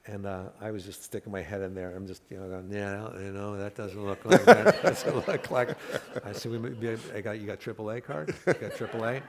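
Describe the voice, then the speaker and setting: A man's voice: lowish voice, fairly even intonation, a little fast, few pauses, a crowd in the background. A middle-aged man, a comedian, telling stories on stage, laughing at his own jokes and acting out quotes. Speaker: comedian guest. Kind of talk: storytelling conversation on stage. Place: live talk event stage.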